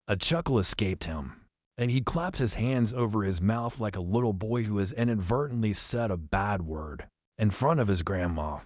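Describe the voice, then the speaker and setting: Guy reading a horror audiobook, low voice, slow and grim, dry close sound. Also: expressive, a little mellow, dry recording. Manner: measured, somber confessional telling. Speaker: audiobook narrator. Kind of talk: scripted first-person horror narration.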